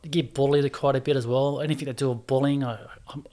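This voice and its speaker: A man, a podcast guest who answers in a soft-spoken, hesitant way, full of ums. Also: medium pitch, fairly even intonation, fast. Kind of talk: casual interview answers.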